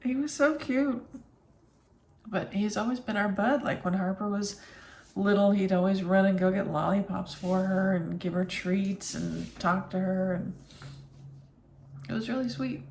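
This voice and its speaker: A tired middle-aged woman, a vlogger, chats casually in an emptied home office, emotional and full of fillers. Her mid-range voice is creaky and darkish, moving at a measured pace, with slight background noise.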